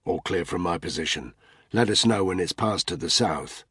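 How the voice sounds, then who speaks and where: A man's voice: deep voice, lively intonation, moderate pace, fairly bright tone, husky, dry recording, clean studio sound, heavily acted. A man voicing a tough special forces soldier who gives clipped radio orders. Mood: steady.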